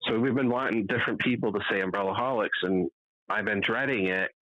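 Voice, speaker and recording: A man co-hosting a casual podcast, telling profane stories and loudly mimicking other people's voices. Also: fairly low pitch, brisk, no echo, dull audio. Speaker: podcast co-host. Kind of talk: casual chat.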